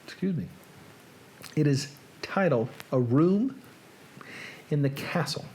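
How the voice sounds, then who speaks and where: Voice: mid-range voice, lively intonation, slow pace, darkish tone, a little hiss or hum. A host chatting casually on a live reading show, joking and reacting to viewers.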